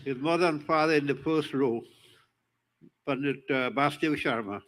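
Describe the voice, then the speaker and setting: A man's voice: a little high, normal speed, fairly bright tone, low-quality recording. An older man from Trinidad, giving a rambling, joking speech to an audience at a live religious event on a handheld mic. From Trinidad and Tobago. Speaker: community speaker at the event.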